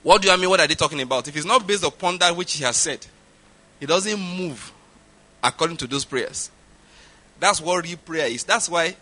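A middle-aged Nigerian-accented man preaching with a raised, ringing voice. His tone is sharp and bright, and he drives his points home by repeating them. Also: high-pitched. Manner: emphatic, repeats points for stress. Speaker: pastor. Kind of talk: sermon.

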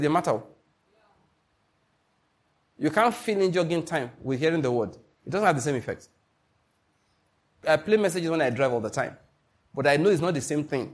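A pastor with a slightly rough voice on the high side preaches emphatically, driving home his points. He throws questions out to the congregation in a call-and-response style.

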